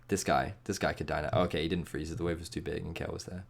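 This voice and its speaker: Animated man breaking down game footage. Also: deep voice, racing, creaky. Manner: animated, emphatic, playful asides. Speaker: esports analyst. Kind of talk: game review commentary.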